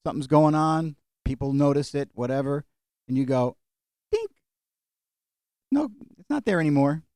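A middle-aged man preaching in a mellow, warm voice. He is folksy and animated, with jokes and acted-out asides. The recording is dry and close. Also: fairly high pitch, fairly quick, no echo. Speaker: pastor. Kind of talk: sermon with closing prayer.

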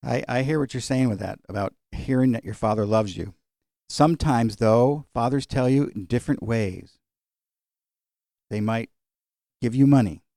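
A man's voice: mid-range voice, moderate pace, gravelly, long pauses, warm tone, no room sound, clean studio sound. A middle-aged man leading an informal Bible study, talking in a conversational, digressive way with fillers and chuckles. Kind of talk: informal Bible teaching with personal stories.

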